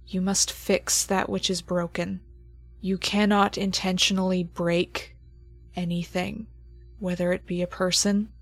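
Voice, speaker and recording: With a mid-range voice and no room sound, a woman runs a horror tabletop session as game master, narrating at a slow, dramatic pace and frequently dropping almost to a whisper to build tension.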